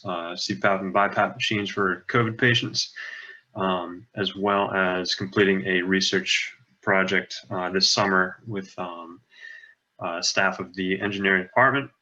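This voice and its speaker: A young man, a student presenter, introducing himself in a measured way with many filler pauses. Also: deep voice, fairly even intonation, pushed and bright. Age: young adult. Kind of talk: informal self-introduction. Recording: muffled lo-fi call audio.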